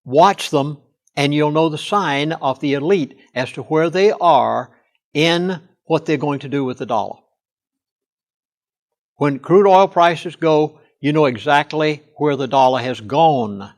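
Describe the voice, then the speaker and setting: Older male preacher, somewhat high voice, earnest and emphatic, interview guest. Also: measured pace. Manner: earnest, emphatic, stressing key words. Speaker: pastor and chaplain. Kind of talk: studio interview.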